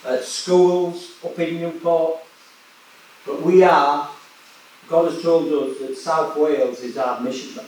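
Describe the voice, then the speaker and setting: A man's voice: a little high, a little mellow, a little hiss or hum. Preacher man in an echoey room. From West Yorkshire, England. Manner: chatty anecdotes, laughing often. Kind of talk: sermon storytelling. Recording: echoey room, distant mic.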